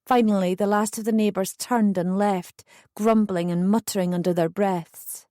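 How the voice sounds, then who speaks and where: A woman narrates a first-person true story as an audiobook, in steady, earnest scripted delivery. Her voice is mid-range at normal speed, recorded in clean studio sound with no echo.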